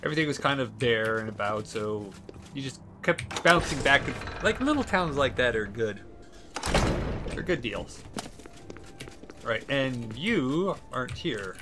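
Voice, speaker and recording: A man's voice: medium pitch, sing-song, a little slow, pauses often, pushed and bright, a little hiss or hum. A young man livestreaming a video game, chatting casually and playfully, giggling and talking to the characters. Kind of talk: casual gameplay commentary.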